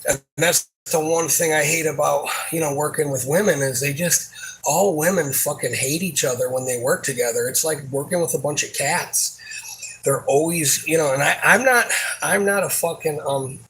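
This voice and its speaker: A man's voice: a little high, fairly bright tone, rough recording. Frustrated man venting, rambling. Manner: frustrated, rambling, swears a lot; halting, many fillers and restarts. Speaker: supermarket worker. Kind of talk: casual venting monologue.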